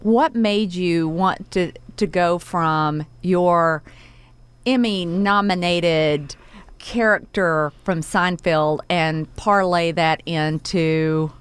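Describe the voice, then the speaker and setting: A woman's voice: fairly low pitch, steady tone, slow pace, clear, resonant tone. A woman hosting a radio interview, chatty and enthusiastic as she asks her guests questions. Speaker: radio host. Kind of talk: casual interview chat.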